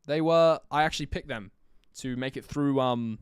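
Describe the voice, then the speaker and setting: A young man live-streaming his own commentary on an esports match, chatty with jokey asides and bursts of energetic play-by-play. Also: mid-range voice, moderate pace, smooth, dry recording, clean studio sound.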